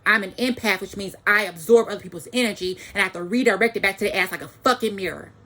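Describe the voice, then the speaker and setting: A woman's voice: medium pitch, fast talker, a bit bright. A woman giving an angry, profane ranting monologue to the camera, repeating phrases for emphasis.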